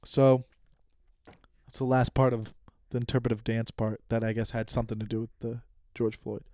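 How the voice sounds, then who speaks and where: A man in his thirties hosting a podcast, telling a long story in a casual, profane and animated way and acting out his own quotes. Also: mid-range voice, normal speed, dry recording, studio quality. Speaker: podcast host.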